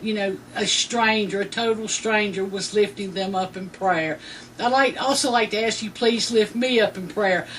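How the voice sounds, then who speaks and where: Rambling woman sharing a faith testimony, distant mic. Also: fairly high pitch. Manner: rambling, heavy with "you know" fillers. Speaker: Christian testimony speaker. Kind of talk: personal faith testimony storytelling. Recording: distant mic with faint background noise.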